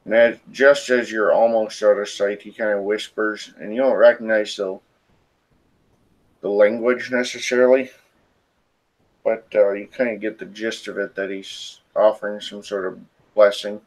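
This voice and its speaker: A man narrating as game master of a tabletop role-playing game, in a halting way with fillers. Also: on the low side, flat delivery.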